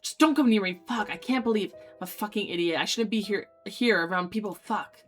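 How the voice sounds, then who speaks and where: A young woman streamer reading a dating sim aloud, voicing its lines dramatically and breaking off into loud excited reactions. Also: medium pitch, fairly quick, faint music behind.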